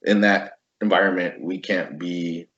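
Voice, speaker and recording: A man hosting a casual veterans' interview, swearing freely and telling stories in an animated way. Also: sits low, a little slow, dull audio. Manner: profane, animated storytelling. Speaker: host.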